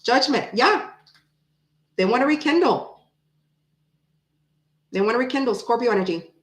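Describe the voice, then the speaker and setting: A woman's voice: on the high side, expressive, normal speed, reverberant, rough recording. A woman doing a casual tarot reading to the camera, thinking aloud and repeating her phrases as she pulls cards. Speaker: tarot reader.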